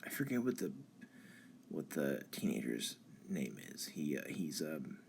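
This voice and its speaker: Very deep, gravelly-voiced man rambling casually. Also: very animated, slight background noise. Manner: halting, many ums and restarts. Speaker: channel host. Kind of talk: casual philosophy talk on a live stream.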